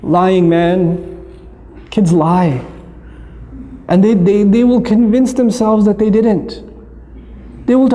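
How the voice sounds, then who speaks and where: A man with a fairly high, mellow voice gives a humorous talk on parenting and acts out family scenes as he goes. His voice carries long reverb, as in a large hall. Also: steady tone, slow pace, long pauses. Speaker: speaker.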